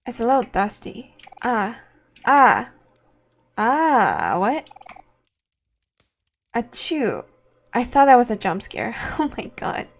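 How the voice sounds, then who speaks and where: A woman's voice: fairly high pitch, very animated, slow. A woman streaming a game, chatting casually and thinking aloud, laughing easily. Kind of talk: casual let's-play commentary.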